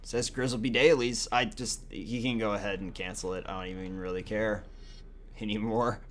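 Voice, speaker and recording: A man's voice: fairly low pitch, fairly even intonation, moderate pace, fairly bright tone. A young man giving casual, profane, sarcastic commentary on a card game he is playing, often muttering to himself. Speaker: gaming video host.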